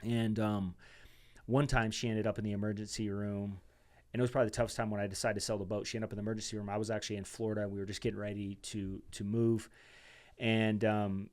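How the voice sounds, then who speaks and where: A man as a podcast guest telling a personal story in a casual, animated way. He talks loosely and calls his listener "dude" and "man". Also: fairly low pitch, fast talker. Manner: chatty and animated, says "dude" and "man", acts out quoted dialogue.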